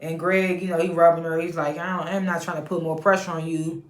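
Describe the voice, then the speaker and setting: A woman's voice: fairly low pitch, flat delivery, a little fast, reverberant. A woman casually recapping a reality show episode, chatty, laughing often and retelling scenes in quoted voices.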